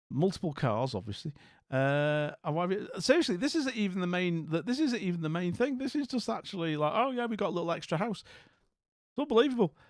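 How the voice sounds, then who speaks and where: A man's voice: high-pitched, no echo, clean studio sound. A man with an English accent hosting a casual livestream, rambling and jokey with lots of restarts. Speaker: livestream host.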